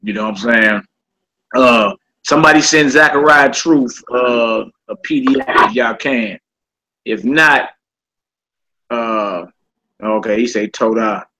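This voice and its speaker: A man, teaching a live-streamed lesson in a loose, chatty way. His pitch sits in the middle range, and he talks to his viewers like family. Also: slow, pauses often, sharp tone, poor audio.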